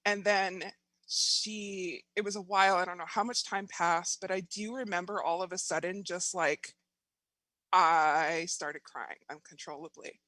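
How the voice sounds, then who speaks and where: A woman guest tells a personal story in casual conversation, animated and laughing often as she acts out her own thoughts. Her voice is fairly low and a little slow, with no room sound.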